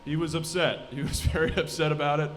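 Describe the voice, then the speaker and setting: A man in his twenties doing a live stand-up set in a comedy club, deadpan, muttering asides and then bursting into shouted voices. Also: on the high side, quick pace, slight background noise. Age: 20s.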